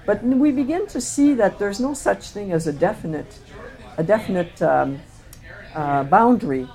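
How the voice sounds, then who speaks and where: A woman presenting her photographs to an audience, speaking reflectively and often pausing on fillers and restarts. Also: mid-range voice, animated, warm tone. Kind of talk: slide talk to an audience.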